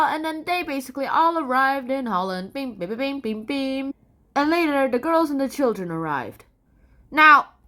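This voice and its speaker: Animated, jokey woman explaining history. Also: on the high side. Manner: animated, jokey, adds sound effects. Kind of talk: playful casual history lesson.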